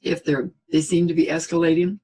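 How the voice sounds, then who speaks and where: A middle-aged man giving a spoken parenting lesson in a calm, reassuring way, often checking in with "okay?" and acting out what a parent would say. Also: fairly high pitch, a little fast, breathy edge, low-quality recording. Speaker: parenting teacher.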